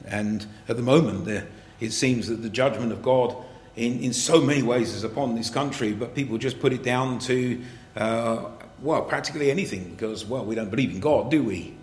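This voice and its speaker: A male preacher gives an earnest sermon, reading old scripture wording and pressing his points with rising emphasis. His medium-pitched voice rings through an echoey church hall. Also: moderate pace.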